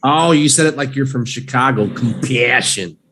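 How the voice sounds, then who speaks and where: A man leads a live online English lesson, slowly drilling each vocabulary word and playfully cheering his learners on. His voice is mid-range, and there is background noise.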